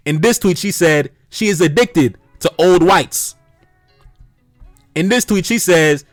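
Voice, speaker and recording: A man's voice: sits high, unhurried, no echo, studio quality, faint music behind. A man hosting a reaction video who preaches to his audience, laughing often and repeating exclamations. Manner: preachy, addresses "brothers" directly. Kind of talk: commentary on social media posts.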